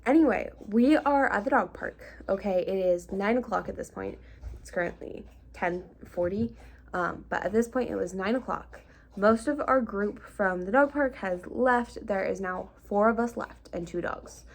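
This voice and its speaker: Chatty young woman with a gravelly edge. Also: medium pitch, moderate pace. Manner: chatty, lots of likes and ums, half-laughing. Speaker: vlogger. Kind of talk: casual storytime vlog.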